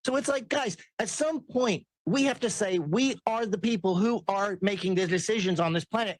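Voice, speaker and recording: A man's voice: high-pitched, no echo. A man delivering a heated, sarcastic political rant as a commentary host. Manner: ranting, sarcastic, mimics people in quotes.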